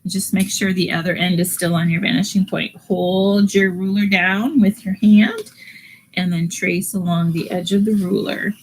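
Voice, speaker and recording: A woman's voice: medium pitch, fairly even intonation, moderate pace, a little hiss or hum, poor audio. A woman art teacher giving a live online drawing lesson, talking through each step patiently with frequent fillers.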